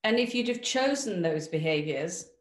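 A woman giving a motivational webinar talk, lively and direct, asking the audience questions. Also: on the low side, moderate pace, echoey room. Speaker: webinar speaker.

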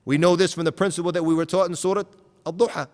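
A man's voice: high-pitched, steady tone, quick pace, a little mellow. Earnest preaching man in a reverberant hall. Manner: earnest, direct preaching with rhetorical questions; mixes in Arabic terms and recited verses. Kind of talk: Islamic lecture. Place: lecture hall at an event.

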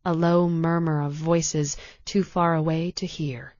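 A woman reading a thriller audiobook in a measured, tense, deliberate way. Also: deep voice, level tone, a little mellow, dry recording, dull audio. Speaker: audiobook narrator. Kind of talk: scripted audiobook narration.

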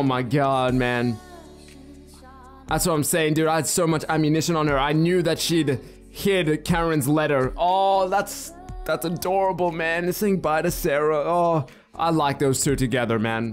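A man doing let's play commentary, reacting out loud to a story game in excited, slangy chat. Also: on the high side, measured pace, soft background music. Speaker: gaming commentator.

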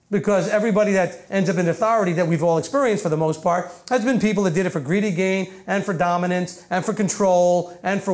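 Guy with a high voice giving a chatty sermon on a mic, restarts a lot. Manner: conversational, rambling teaching with self-corrections. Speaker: rabbi teaching a congregation. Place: meeting room with about 150 people. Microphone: microphone.

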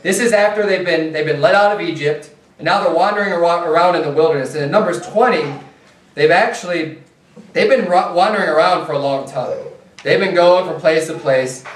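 A man with a high voice preaches a sermon, talking conversationally and often restarting his sentences. He is recorded from a distance in an echoey church, with a faint hiss underneath. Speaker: pastor. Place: church sanctuary.

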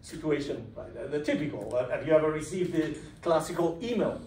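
A man giving a university lecture, explaining lively and putting questions to his students in a lecture room. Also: on the high side, fairly quick, distant mic. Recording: echoey room recorded from afar, faint noise.

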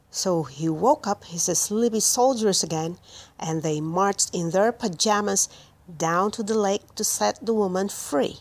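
A woman reading a children's picture book aloud in a slow, clear storytelling manner, with music playing behind. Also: medium pitch. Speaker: storybook reader. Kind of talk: children's read-aloud narration.

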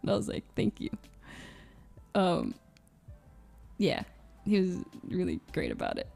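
A woman streamer making an emotional confession to her audience. She talks haltingly, restarting phrases and filling gaps with nervous little laughs. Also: fairly low pitch, wildly swooping pitch, vocal fry, darkish tone, faint music behind. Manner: halting and searching, with many restarts and fillers.

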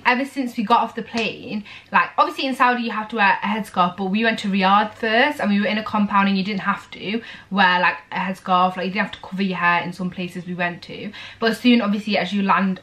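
A woman's voice: medium pitch, fairly bright tone. A young woman, chatting casually and rambling to the camera in a vlog. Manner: rambling and chatty, with many fillers. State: tearful and emotional. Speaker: vlogger.

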